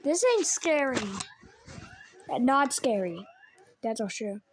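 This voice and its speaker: A high, light-voiced woman reacts in a loose, casual way, tossing out jokey and blunt one-line verdicts. Her delivery is offhand and unpolished, like someone chatting to a camera at home. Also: expressive, slow, slight background noise. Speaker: video creator rating alarm sounds.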